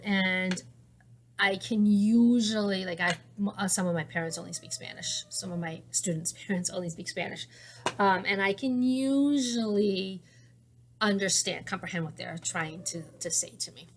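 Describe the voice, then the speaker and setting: A knitting podcast host who is a teacher chats at home, rambling with restarts and fillers while showing off her craft supplies in a casual show-and-tell. Her medium-pitched voice has a fairly bright tone, and slight background noise is present.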